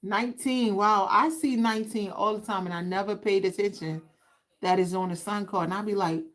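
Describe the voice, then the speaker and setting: A woman's voice: mid-range voice, fairly even intonation, moderate pace, poor audio. A sassy, talkative woman in gives a tarot reading on a casual livestream. She speaks straight to the people watching, with an easy, conversational flow. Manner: chatty, sassy, talks straight to viewers. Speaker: tarot reader.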